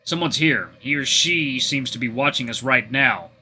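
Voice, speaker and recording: A man voicing a calm, commanding male alpha wolf who explains things in a matter-of-fact way, over faint music. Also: medium pitch, moderate pace, husky. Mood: stern, calm.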